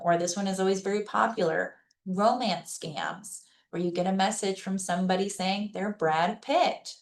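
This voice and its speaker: A woman giving an informal educational presentation in a conversational way. She gives practical advice in plain, reassuring words and keeps checking in with her listeners. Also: mid-range voice. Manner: conversational, checks in with listeners by asking "okay?" and "right?". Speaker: presenter at a senior-services webinar.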